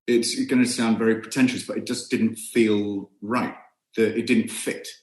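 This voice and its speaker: A man's voice: lowish voice, little pitch movement, moderate pace, darkish tone. A middle-aged British man, a guest actor, chatting casually in a wry, self-deprecating way. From Britain. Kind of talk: casual podcast chat. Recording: roomy echo.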